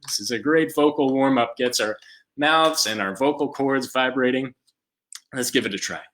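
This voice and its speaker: A man leading a live online music class for young children at home, chanting and singing in a slow call-and-response style. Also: medium pitch, fairly bright tone, slight background noise. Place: home room.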